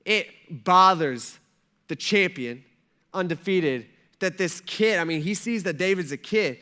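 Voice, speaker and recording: A man's voice: high-pitched, lively intonation, normal speed, a bit bright. A male pastor preaching a sermon, telling a story with energy and acting out the characters' lines in casual speech.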